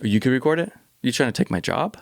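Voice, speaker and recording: A man's voice: mid-range voice, big pitch swings, fast talker, gravelly. A man guesting on a casual chat, joking and playful. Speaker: guest filmmaker.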